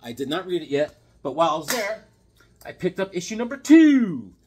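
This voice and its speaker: A man in his fifties chatting casually about his comic books, animated and jokey with sudden loud outbursts. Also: sits high, fairly quick, a little hiss or hum. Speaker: comic book collector. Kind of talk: casual chat showing comics.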